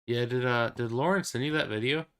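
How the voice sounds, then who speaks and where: A man co-hosting a podcast, chatting in a relaxed, low-key drawl. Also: brisk, smooth. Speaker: podcast co-host. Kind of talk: casual pre-show chat.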